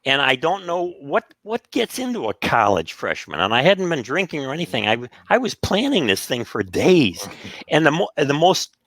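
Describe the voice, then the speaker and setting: A man's voice: fairly high pitch, normal speed, no echo, studio quality. A man casually telling stories on a podcast, acting out the voices of the people in them. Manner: animated, acts out quoted voices. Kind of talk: casual storytelling.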